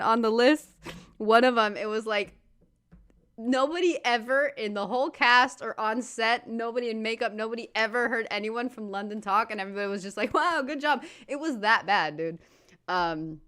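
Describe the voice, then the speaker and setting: A young woman from the States talks over a clip she's reacting to. Her voice is bright and sits a little high. She rambles in a casual way, full of "like" and "dude", and laughs a lot. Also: clear, resonant tone. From United States. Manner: chatty, laughs often, says "dude" and "like". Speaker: reaction video host.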